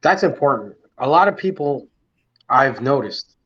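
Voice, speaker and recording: A man's voice: mid-range voice, expressive, unhurried, husky, no echo. A man in casual podcast chat who jokes in a blunt, profane way. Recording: dull, lo-fi audio.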